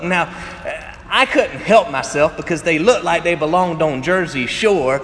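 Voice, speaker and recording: A man's voice: a little high, very animated, unhurried, a bit bright, slight background noise. A pastor giving a conversational sermon, a man who tells stories and laughs often as he preaches. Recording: echoey hall with faint ambience.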